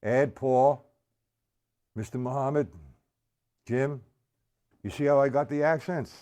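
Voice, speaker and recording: A man's voice: mid-range voice, fairly even intonation, slow, darkish tone. An older man teaching a live-streamed drum lesson, talking to viewers in the chat by name and explaining each exercise. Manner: talks to chat viewers by name, counts beats aloud. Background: drum kit.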